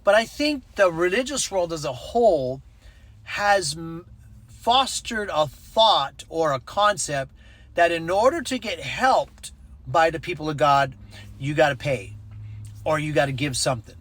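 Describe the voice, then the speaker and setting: A man's voice: fairly high pitch, animated, a little slow, a bit bright. A man telling a personal story in a casual vlog, acting out the voices in it and adding preachy asides. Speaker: ministry network leader.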